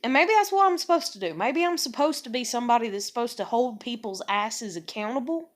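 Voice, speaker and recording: A woman's voice: a little high, expressive, fairly quick. A middle-aged mother venting in a blunt, profane rant, often acting out both sides of an argument. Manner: blunt, profane, heated, quotes others in dialogue. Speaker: parent venting about relationships. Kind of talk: casual vlog rant.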